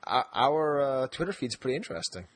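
A man's voice: medium pitch, sing-song, moderate pace. A man co-hosting a casual podcast chat. He rambles, laughs often and restarts his sentences. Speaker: podcast co-host.

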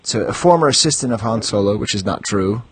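A man's voice: on the low side, animated, brisk. A man hosting a podcast, chatting and reading descriptions aloud with amused mock gravity. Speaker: podcast host.

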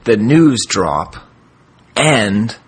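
A man's voice: on the low side, very slow, husky. A man co-hosting a collectors' podcast, talking in a chatty, casual way and laughing often. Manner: chatty, laughs often, lively when excited. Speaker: podcast co-host. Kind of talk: casual chat.

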